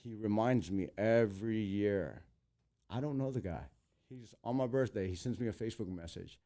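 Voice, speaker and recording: A man in his thirties tells stories as a guest in a casual interview, animated and fond of acting out what people said. His voice sits low, with a dark, mellow tone. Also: moderate pace. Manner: animated, acts out quotes in big voices. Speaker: guest, entertainer.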